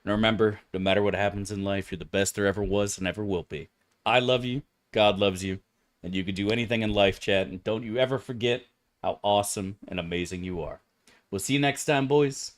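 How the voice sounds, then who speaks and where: A man streaming a video game, talking in a casual, animated, profane way and laughing often. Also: lowish voice, fairly quick.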